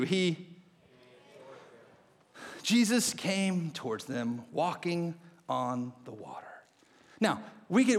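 High-voiced pastor preaching in a reverberant hall. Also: male voice. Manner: animated storytelling, swings between excited and hushed. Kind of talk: sermon. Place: church auditorium.

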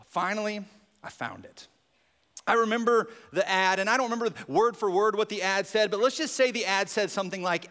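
A man preaching a sermon as pastor, telling a story with animated, expressive delivery and dropping into hushed reflective moments. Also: high voice, fairly quick, in a large hall.

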